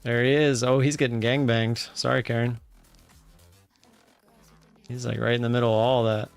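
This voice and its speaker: A man hosting a live stream in casual chatter, who breaks into loud cheering now and then. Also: medium pitch, level tone, moderate pace, gravelly, clear, resonant tone, faint music behind.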